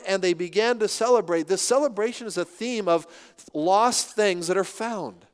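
A middle-aged male pastor preaching a sermon in an animated, conversational way, with self-deprecating humor. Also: high-pitched, clear, resonant tone. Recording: reverberant hall.

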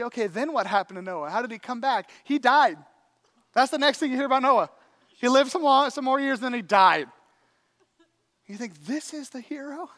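A man preaching a sermon, telling a story in an animated, conversational way with acted-out quotes. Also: extremely high pitch. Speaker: pastor.

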